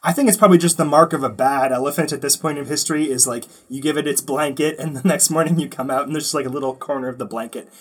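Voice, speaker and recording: Husky-voiced joking man. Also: a little high, steady tone, fast talker, hardly any pauses. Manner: jokey, stumbling starts. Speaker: podcast co-host. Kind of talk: casual podcast chat.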